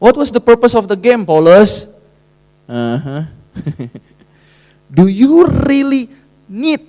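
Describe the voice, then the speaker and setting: A male pastor with a high-pitched voice delivers his sermon like a relaxed personal story. He talks in a chatty way, laughs easily and often, and drops fillers and tag words into his English.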